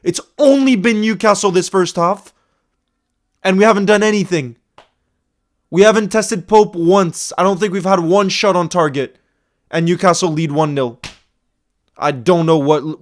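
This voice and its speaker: A man reacting live to a football match as a fan-channel host, exasperated and ranting, repeating himself, and swinging from loud outbursts to low muttering. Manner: repeats himself, stammering restarts.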